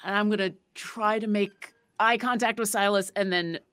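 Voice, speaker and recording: A woman playing in a tabletop horror game, asking careful, deliberate questions. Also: mid-range voice, steady tone, a bit bright, clean tone, dry recording. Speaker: player.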